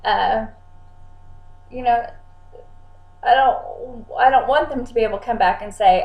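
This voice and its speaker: A woman's voice: on the high side, expressive, measured pace, long pauses, darkish tone, reverberant, low-quality recording. A woman who works as a psychic channeler gives casual advice to clients, talking freely, repeating words and acting out what clients say. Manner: chatty, repeats words, acts out clients' lines.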